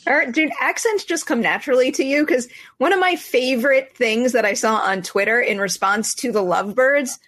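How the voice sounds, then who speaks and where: A woman's voice: on the high side, normal speed, a bit bright. Enthusiastic woman interviewer. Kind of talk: casual interview.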